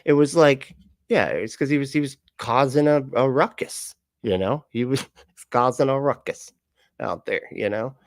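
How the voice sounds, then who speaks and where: A man's voice: mid-range voice, moderate pace, dry recording, clean studio sound. A man hosting a casual livestream, talking loosely with a sarcastic edge and laughing often as he rambles and swears freely. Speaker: livestream host.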